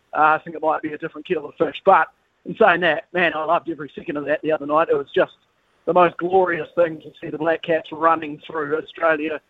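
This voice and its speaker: A man, out of breath, talking sport in an enthusiastic casual chat with stammering restarts. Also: fairly high pitch. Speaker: sports reporter. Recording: tinny phone line, dry.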